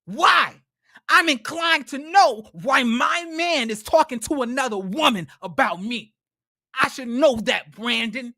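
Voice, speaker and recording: A woman's voice: sits high, animated, unhurried, sharp tone, dry recording, clean studio sound, heavily acted. A commentator acting out a furious girlfriend. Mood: angry. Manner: accusing, repeats his name. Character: furious young woman interrogating her man.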